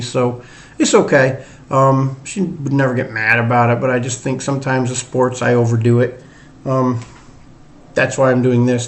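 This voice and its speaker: A man's voice: medium pitch, a little mellow. Chatty middle-aged man with Northern-Southern drawl. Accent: mix of Northern US and Southern US drawl. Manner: rambling, chatty, many fillers and self-deprecating asides. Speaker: sports podcast host. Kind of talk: casual solo sports talk.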